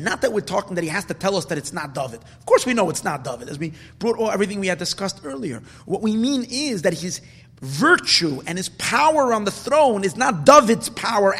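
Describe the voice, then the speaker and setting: A man's voice: sits high, animated, quick pace, breathy edge, long reverb tail. A man teaching a Talmud class, explaining step by step with repeats and restarts, building to emphatic bursts. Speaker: Torah teacher.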